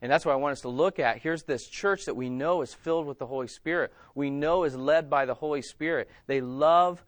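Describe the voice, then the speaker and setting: A man's voice: fairly high pitch, brisk, hardly any pauses, no echo. A man, preaching a sermon as pastor in a church and putting questions to the congregation. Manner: animated, asks the congregation questions.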